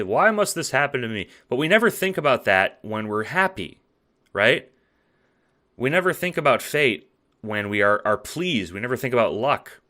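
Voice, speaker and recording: A man's voice: lowish voice, pushed and bright. A man talking through a spoken essay late at night, tired and yawning, conversational and profane with lots of fillers and "right?". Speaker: video essayist.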